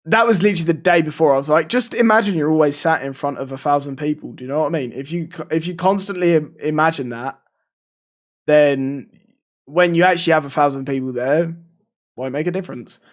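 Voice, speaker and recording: A man hosting a live-streamed podcast, swearing freely and telling animated stories in casual chat. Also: a little high. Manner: swears a lot, animated storytelling.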